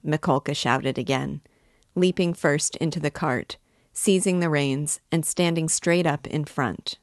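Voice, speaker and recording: A woman narrates a classic novel in a measured, even storytelling voice. Her pitch sits low and her pace is slow. The recording is dry and close. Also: no room sound. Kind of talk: audiobook narration.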